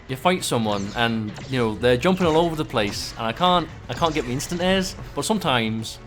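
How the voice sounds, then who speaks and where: A man's voice: medium pitch, lively intonation, brisk, over music. A man co-commentating a fighting game match, analytical with dry jokes. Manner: analytical, wry jokes about players' choices. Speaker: esports co-commentator.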